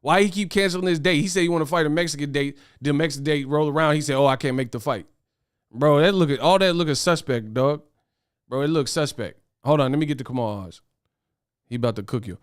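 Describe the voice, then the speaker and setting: A young man hosting a boxing commentary livestream, talking fast in slang, excitable and laughing as he reads viewer chat. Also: on the high side, clear, resonant tone, no echo, studio quality. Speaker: boxing commentary show host.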